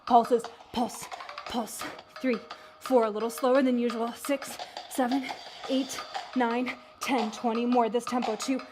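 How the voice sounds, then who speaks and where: A woman's voice: on the high side, unhurried. Woman counting breaths over workout music. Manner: counts reps and calls breath cues in a steady rhythm. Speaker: fitness instructor. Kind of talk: guided workout coaching with breath cues. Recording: music playing behind the voice.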